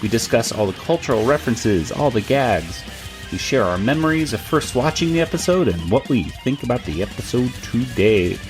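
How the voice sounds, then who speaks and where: A man hosting a podcast in a relaxed chat, his voice sitting at a middling pitch. He talks chattily, laughs easily and restarts his sentences often. Faint music sits underneath him. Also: normal speed. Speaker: podcast host.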